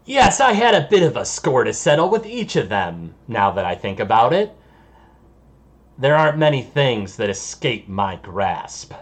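A man acting out an ancient, sly demon in a tabletop game, with a slow, hushed and ominous delivery. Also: medium pitch, very animated. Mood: wistful menace. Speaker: game master voicing a character. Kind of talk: tabletop game role-play.

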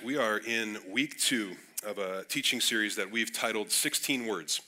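A man's voice: mid-range voice, bright, forceful tone. A young adult man, a pastor, giving a casual sermon, slightly nasal and congested, often repeating words as he starts phrases. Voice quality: a little nasal. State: congested from a cold.

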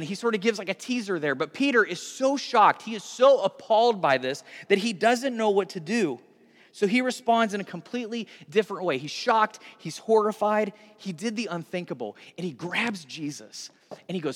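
A male pastor tells the story with animated energy and speaks directly to his congregation. His voice sits high for a man, and a long reverb hangs in the church hall. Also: normal speed. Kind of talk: sermon.

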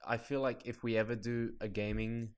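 A man's voice: mid-range voice, flat delivery, normal speed, smooth. A young man co-hosting a podcast in casual chat, rambling and restarting his sentences. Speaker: podcast co-host.

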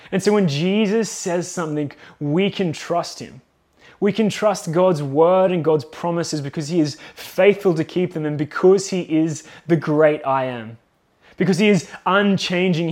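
Casting: young male preacher, conversational and earnest, slightly high voice. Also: darkish tone. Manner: conversational, earnest, often says "like". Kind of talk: sermon.

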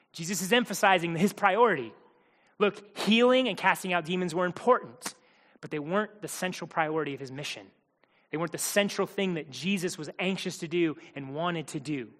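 A man's voice: fairly high pitch, a bit bright, long reverb tail. A man preaching a sermon in a conversational, emphatic way, acting out the quotes he tells.

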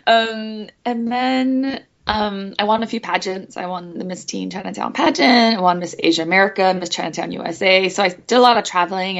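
A woman from Singapore, a voice actress, chatting in an interview, animated and laughing often, slipping between accents. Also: mid-range voice, dull audio. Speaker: guest voice actress. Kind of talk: casual interview chat.

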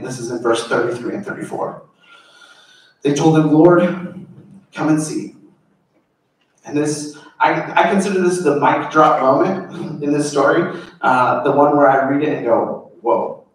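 A man's voice: medium pitch, a little hiss or hum. A man preaching a sermon in an earnest, informal, conversational way, explaining a scripture passage. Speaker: pastor. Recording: very echoey room, voice far from mic.

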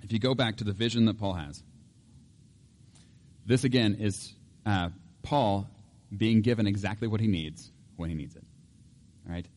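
Animated preaching man, joking. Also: fairly low pitch, normal speed, long pauses. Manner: animated, joking, acts out voices, laughs often. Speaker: pastor. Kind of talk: sermon.

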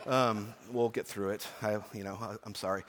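A man's voice: fairly low pitch, fairly even intonation, normal speed, a bit bright. A pastor in his forties preaching an earnest, emphatic sermon to his church, with chatty personal asides. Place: church sanctuary. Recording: long reverb of a church hall.

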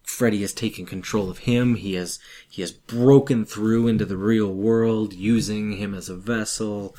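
A man co-hosting a casual movie-review podcast, ranting in an animated way and swearing freely. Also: fairly low pitch, moderate pace. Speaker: podcast co-host.

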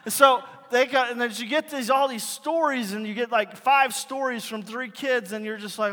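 Guy preaching, high voice, telling stories and doing the lines, big echoey church hall. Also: moderate pace, few pauses. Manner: animated storytelling, acting out dialogue. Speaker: pastor. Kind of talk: conversational sermon. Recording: long reverb in a large hall.

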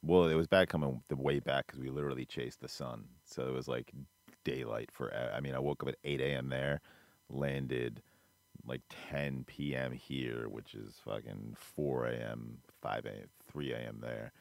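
A man, a podcast producer telling animated stories and swearing freely. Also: a bass voice, moderate pace, gravelly, no room sound. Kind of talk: casual storytelling banter.

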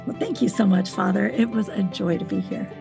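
A woman guest on a podcast telling a personal story in casual conversation, animated and acting out quoted dialogue. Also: brisk, creaky, over music. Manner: animated, acts out quoted dialogue with pitch jumps.

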